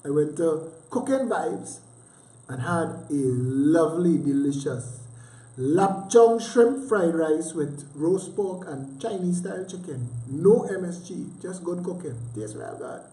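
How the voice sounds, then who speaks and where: A man's voice: fairly high pitch, lively intonation, slow, dark tone. A Trinidadian man hosting a livestream, chatting casually with teasing, sarcastic asides and heavy dialect. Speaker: livestream host. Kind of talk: casual rambling commentary. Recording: roomy echo.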